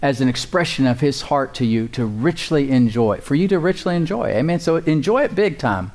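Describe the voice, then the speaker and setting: A man's voice: mid-range voice, lively intonation, brisk, darkish tone. A man preaching a sermon as pastor, calling out to the congregation for responses and chuckling often.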